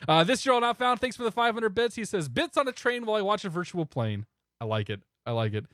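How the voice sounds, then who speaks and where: Lively-voiced man streaming casually. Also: high voice, quick pace, no room sound, studio quality. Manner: relaxed, chuckling, thanks viewers by name. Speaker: flight sim streamer. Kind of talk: casual live-stream chat.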